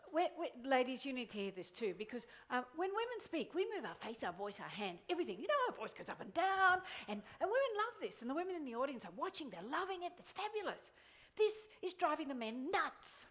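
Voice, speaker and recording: A woman motivational speaker giving a playful, animated conference keynote, acting out little voices as she talks. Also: on the high side. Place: large conference hall.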